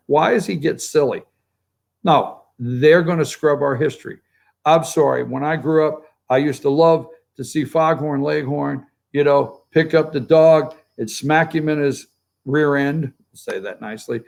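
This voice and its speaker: Gravelly sarcastic talk show man. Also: mid-range voice, darkish tone. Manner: sarcastic, rambling, addresses viewers directly. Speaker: political talk show host. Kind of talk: opinionated morning show commentary.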